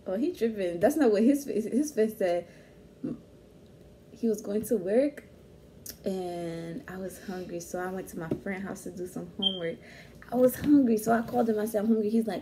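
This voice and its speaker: A young woman telling a story in casual chat, animated and slangy, laughing often. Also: medium pitch, moderate pace, slight background noise. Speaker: vlog host.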